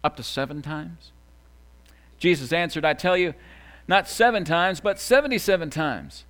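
A man preaching a sermon, swinging between hushed, quiet lines and loud, emphatic ones, repeating key phrases for emphasis. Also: a little high, animated, moderate pace, clean tone. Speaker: pastor.

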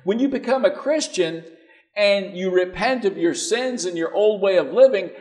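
Brief: male preacher, light high voice, folksy storytelling sermon. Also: expressive, normal speed, darkish tone.

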